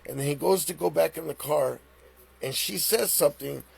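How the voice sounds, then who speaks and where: A middle-aged man hosts a live stream and retells a story in loose, animated chat. His voice is raspy and husky, with a heavy gravel, and sits a little high for a man. He trips and restarts as he goes. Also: normal speed. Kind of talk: casual storytelling.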